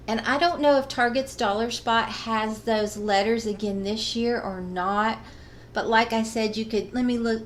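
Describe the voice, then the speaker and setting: A chatty woman vlogger rambles warmly at home, recorded on her phone. Her voice sits on the higher side. A faint hiss lies behind it. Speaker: craft vlogger. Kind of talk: casual chatty narration.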